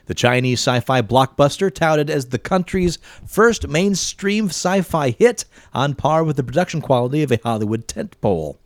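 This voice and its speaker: A man's voice: medium pitch, expressive, moderate pace, few pauses, no room sound. Chatty man on a dry podcast mic. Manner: chatty, laughs between lines, swears casually. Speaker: podcast co-host reading news items. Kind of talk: casual podcast chat and news reading.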